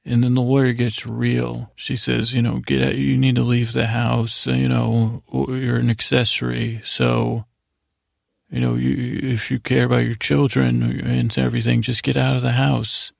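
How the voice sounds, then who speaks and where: A man hosting a bedtime podcast, rambling through a TV episode recap in a low-key, filler-heavy way. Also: moderate pace, gravelly, no echo, studio quality. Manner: rambling, monotone retelling with lots of fillers. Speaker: podcast host.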